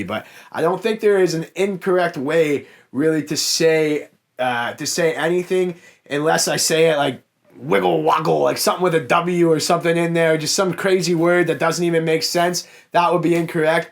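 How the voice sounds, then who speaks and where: A young man with a Canadian accent from the Niagara area, with a voice that sits a little high for a man. He answers viewer comments in a casual Q&A. He talks frankly and chats straight to the viewers. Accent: Canadian, Niagara Ontario. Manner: frank, chatty, addresses viewers as guys. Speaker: car salesman and YouTube host.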